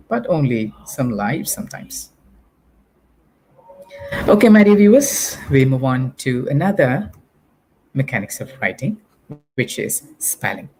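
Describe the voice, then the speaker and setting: A man with a Malaysian English accent, teaching an online English lesson in a lively, teacherly way. His voice sits at a medium pitch, with faint background noise in the recording. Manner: animated, exaggerates intonation to teach.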